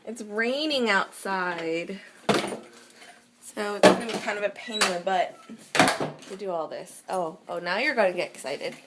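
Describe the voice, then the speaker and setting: A woman's voice: medium pitch, unhurried, long pauses, heavy background noise. A woman vlogging in a casual, chatty way, laughing often as she talks. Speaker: beauty vlogger. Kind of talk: casual vlog chat.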